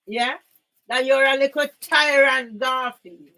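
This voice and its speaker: A high-pitched woman ranting straight at someone she is angry with. She is confrontational and keeps hammering her points home, sometimes bursting out loudly. The recording is an author and campaigner's monologue video. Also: fairly even intonation, slow. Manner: angry and confrontational, repeated emphatic loud bursts. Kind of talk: ranting monologue addressed to one person.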